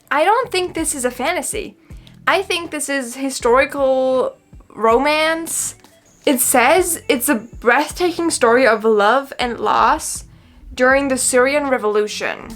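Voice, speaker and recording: Book vlogger: woman, high bright-toned voice, chatty and theatrical, faint music underneath. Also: lively intonation, unhurried. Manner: chatty and dramatic, often tearful. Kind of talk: casual chat to camera. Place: her bedroom.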